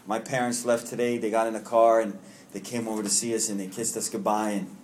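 Low-pitched and brisk, with little pitch movement, this man's voice has slight background noise behind it. He leads a recovery meeting in Long Island, New York fashion, sharing personally with the support group in an earnest, heartfelt way and laughing at himself.

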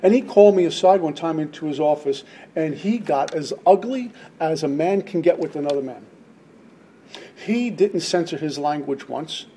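A man's voice: fairly high pitch, darkish tone, slight background noise. A middle-aged man speaking at a recovery meeting, giving an emphatic, preacherly personal testimony and repeating lines for stress. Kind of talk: impassioned personal testimony talk.

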